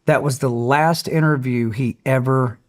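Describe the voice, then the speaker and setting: A middle-aged man with a drawl tells a story in an interview, slow and earnest. His voice sits at an ordinary pitch for a man. He brings the people in his stories to life as he talks. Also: fairly even intonation. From Tennessee, USA. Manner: earnest storyteller, acts out quotes. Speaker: guest, country singer.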